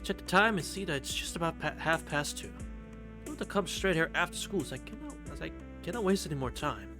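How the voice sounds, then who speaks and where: Animated swearing man streaming a game. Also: on the high side, fast talker. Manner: swears freely, chatty and animated. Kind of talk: live game stream, reading game text aloud and reacting. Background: game music.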